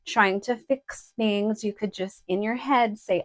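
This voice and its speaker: A young woman talks casually to her camera about outfits and life, blunt and direct and full of fillers. Her voice sits in a middle range, neither high nor low. The sound is close and dry, with no room echo. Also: unhurried, hardly any pauses. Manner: chatty and direct, many fillers. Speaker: vlogger. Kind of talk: casual try-on haul chat.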